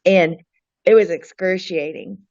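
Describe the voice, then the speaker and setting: A woman speaking earnestly in an interview, with frequent restarts and a halting delivery. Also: on the low side, a little mellow, no echo, lo-fi sound. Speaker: guest, friend of a missing woman. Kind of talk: emotional interview talk.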